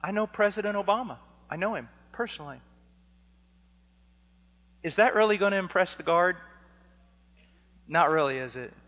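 A man preaching a fiery sermon, dropping to a hush and then rising to shouts as he acts out exchanges. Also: high voice, expressive, normal speed, long pauses. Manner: swings from hushed to shouting, acts out dialogues. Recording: long hall reverb.

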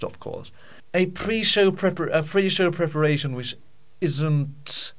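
Male host, casual rambling chat, self-mocking, mid-range pitch. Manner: self-deprecating, rambling with fillers. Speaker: host and story reader. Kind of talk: casual behind-the-scenes chat.

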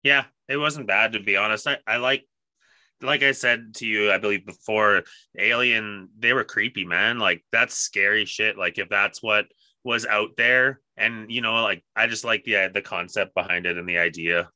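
Enthusiastic man with a very bright voice. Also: lowish voice, steady tone, moderate pace, no room sound. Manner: enthusiastic, swears casually. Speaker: podcast co-host. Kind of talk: casual chat.

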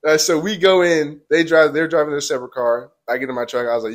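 A man's voice: on the high side, fairly even intonation, fast talker. Young man telling a rambling story. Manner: rambling, many "like"s, acts out quotes. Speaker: podcast host. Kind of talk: casual storytelling.

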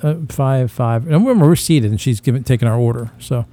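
A man's voice: medium pitch, quick pace, warm tone, no echo. A man co-hosting a podcast, talking in crude, boastful, rambling banter and laughing at himself. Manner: boastful, rambling, self-mocking with frequent laughs. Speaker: podcast co-host. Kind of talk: casual crude comedic banter.

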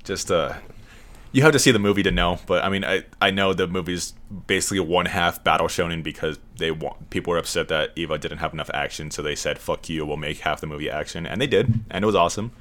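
A man co-hosting a casual podcast chat, rambling and swearing as he gets excited. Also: deep voice, fast talker. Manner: rambling, profane, enthusiastic.

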